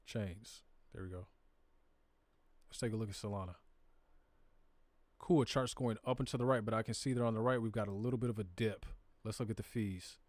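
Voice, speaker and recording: In a dry recording, a man with a lowish voice talks fairly quickly and pauses often. He's a Southern US crypto livestreamer giving a casual screen-share tour of charts and data. His plain speech addresses viewers head-on, conversational and sprinkled with slang.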